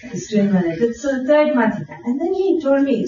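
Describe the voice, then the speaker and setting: A middle-aged woman, giving a personal testimony talk and telling stories with soft laughs and many fillers. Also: high voice, big pitch swings, a little fast, a little hiss or hum. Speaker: guest speaker. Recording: echoey hall, distant dull mic.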